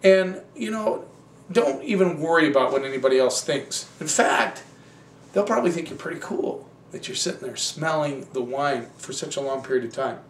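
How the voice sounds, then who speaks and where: A man hosting a wine show, tasting and reviewing wines in a relaxed, rambling, conversational way. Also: a little high, moderate pace, echoey room, recorded from a distance, slight background noise.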